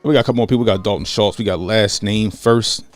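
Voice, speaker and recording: A man's voice: on the low side, fast, soft background music. Chatty man in his thirties livestreaming. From Baltimore, USA. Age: 30s. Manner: animated, acts out quotes, greets chat by name. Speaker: livestream host. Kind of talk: casual livestream storytelling.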